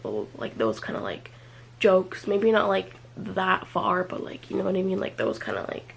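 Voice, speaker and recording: A young woman talks through a personal confessional vlog, pausing often and stringing her thoughts together with "like". Her voice has a gravelly fry, and a faint hum sits under the recording. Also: mid-range voice, sing-song, poor audio. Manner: hesitant, filler-heavy, many "like"s and trailing off. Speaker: vlogger.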